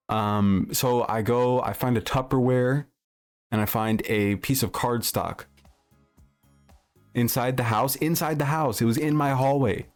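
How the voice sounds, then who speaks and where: Over soft background music, a man with a medium-pitched voice chats loosely on a livestream, reacting to his chat. He takes his time telling a rambling anecdote, swearing and restarting often.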